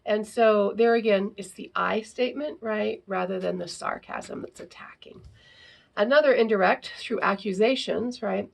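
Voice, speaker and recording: A woman with a mid-range, gravelly, slightly husky voice teaches parents in a relaxed, informal style, often tagging her points with a quick "right?" She's a parenting educator and teacher, and she sometimes acts out short example phrases as if speaking to children.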